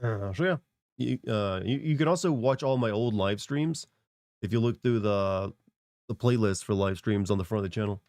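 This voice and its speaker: A man's voice: lowish voice, moderate pace, a little mellow, no echo, studio quality. Congested man chatting on stream. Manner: rambling, answers chat with fillers. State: congested from a cold. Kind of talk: casual live-stream chat.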